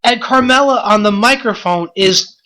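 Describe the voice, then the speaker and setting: A man's voice: high voice, normal speed, background noise. A man hosting a wrestling podcast, ranting in an exasperated, blunt way with lots of rhetorical questions. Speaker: podcast host.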